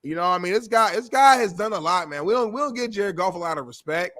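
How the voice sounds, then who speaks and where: A man's voice: sits high, animated, quick pace, fairly bright tone, no echo. A man co-hosting a sports talk show, insistent and profane, repeating his point to defend it. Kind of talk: casual sports talk debate.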